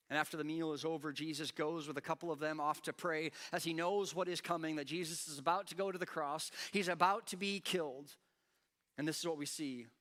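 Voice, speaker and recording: Guy pastor preaching in church, bright slightly high voice, gets dramatic on quotes. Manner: animated, acts out quoted lines with rising intensity. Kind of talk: sermon.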